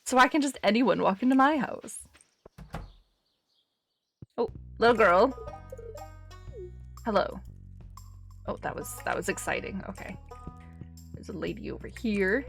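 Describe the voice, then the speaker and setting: A woman's voice: mid-range voice, expressive, unhurried, gravelly, long pauses, a bit bright, soft background music. A woman giving casual, chatty commentary while live-streaming a game, thinking aloud as she plays.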